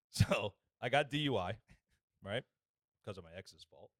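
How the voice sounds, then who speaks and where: Animated man telling stories. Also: on the low side, unhurried, dry recording, studio quality. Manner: animated storyteller, acts out other people's voices. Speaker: podcast co-host. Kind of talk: casual chat.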